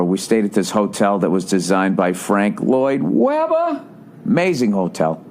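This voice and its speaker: A man hosting a podcast, telling a rambling comic story with animated, profane ranting. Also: medium pitch, a little hiss or hum. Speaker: podcast host.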